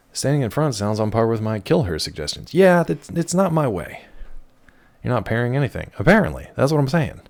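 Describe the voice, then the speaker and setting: A man's voice: mid-range voice, wildly swooping pitch, brisk, soft background music. A young man streaming a game live, chatting in a playful, chatty way that keeps breaking off mid-thought. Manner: playful, chatty, self-interrupting. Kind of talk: live gameplay commentary.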